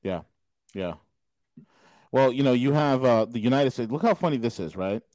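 A man's voice: mid-range voice, expressive, darkish tone, no room sound, low-quality recording. A male podcast host talking casually in an interview, emphatic and scornful in his remarks. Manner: emphatic, scornful, quick agreement.

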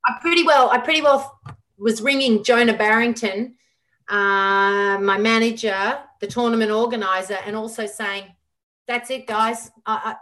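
A middle-aged woman, a guest on an interview show, telling a lively story full of quoted dialogue. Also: fairly high pitch, normal speed. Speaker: guest, former squash champion.

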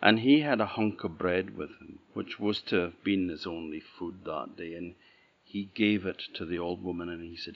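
A man from Orkney with an Orcadian Scottish accent, telling a folk tale in an unhurried, rhythmic way. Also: sits low, vocal fry. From Orkney, Scotland. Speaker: storyteller. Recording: dull lo-fi recording.

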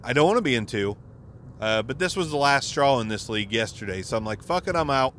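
A man's voice: mid-range voice, lively intonation, quick pace, a bit bright, slight background noise. A man hosting a podcast, delivering a casual, exasperated monologue full of profanity. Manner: profane, exasperated rant with frequent swearing. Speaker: podcast host.

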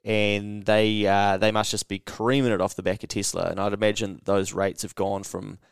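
A man hosting a podcast, telling a story in casual chat, animated and swearing freely. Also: on the low side, normal speed, gravelly, smooth, no room sound, studio quality. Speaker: podcast host.

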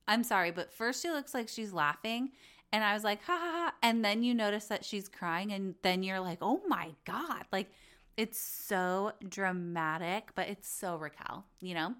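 A woman's voice: mid-range voice, moderate pace, a bit bright, clean tone. A woman hosting a podcast, chatting casually and gushing with lots of fillers. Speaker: podcast host. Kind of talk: casual reality TV recap chat.

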